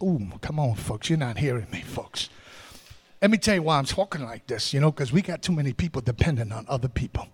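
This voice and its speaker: A man preaching a sermon, swinging from hushed asides to shouted climaxes and calling out to the congregation. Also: mid-range voice, expressive, fairly quick, husky. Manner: calls out to the congregation.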